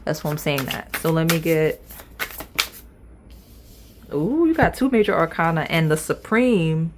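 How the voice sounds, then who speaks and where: A woman reads tarot cards and talks straight to her viewers. She keeps it chatty and playful, and her voice sits low. A faint room noise hangs behind her. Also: very animated, a little slow. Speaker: tarot reader. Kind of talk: casual tarot reading. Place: indoors at a table.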